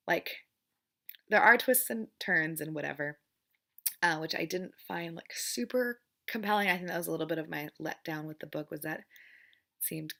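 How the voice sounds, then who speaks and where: A young woman chats through her monthly book wrap-up in a bright, slightly low voice with a gravelly edge. She rambles, restarts her sentences, leans hard on "like" and "frustrating," and breaks into laughter often. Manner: rambling, many fillers and restarts, repeats "frustrating". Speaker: book vlogger.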